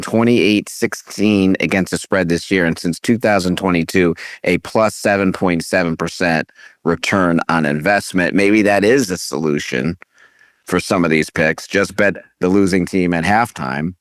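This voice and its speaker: A man hosting a sports betting podcast, reading quick stats with a wry, dry sense of humor. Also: low-pitched, no room sound. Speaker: podcast host. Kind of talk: casual podcast segment hosting.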